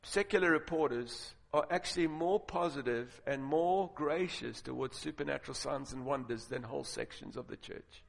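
A man preaching a sermon, telling stories and building to loud, emphatic points. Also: medium pitch, moderate pace, gravelly, few pauses. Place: large auditorium with audience. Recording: long reverb of a large hall.

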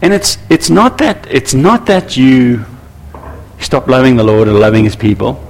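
A man preaching a sermon to church leaders, animated and acting out little scenes with voices. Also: mid-range voice, moderate pace. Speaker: pastor.

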